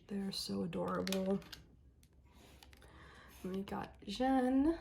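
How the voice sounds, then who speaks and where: A young woman chatting casually through an unboxing, gushing and excitable, and losing her voice. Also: medium pitch, creaky, slight background noise. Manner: gushing, excitable, lots of ums and laughs. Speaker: vlogger.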